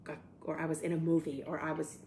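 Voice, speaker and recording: A woman's voice: low voice, monotone, quick pace, vocal fry, darkish tone, echoey room, slight background noise. A young woman hosting a casual live stream, reading viewer comments aloud and reacting with upbeat energy. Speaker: host.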